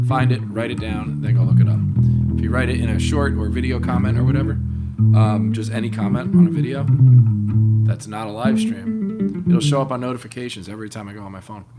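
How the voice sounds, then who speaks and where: A man in his late thirties hosting a live stream, chatting casually in a rambling, laid-back way with plenty of swearing. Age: 30s. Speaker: livestream host, bassist. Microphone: open-air room mic. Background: loud bass playing.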